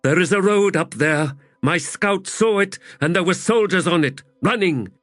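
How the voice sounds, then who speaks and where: A man voicing a towering, brash female giant warrior with a loud, stentorian voice and blunt, clipped speech, in an audiobook. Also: high voice, expressive, moderate pace, no echo, voice pushed up.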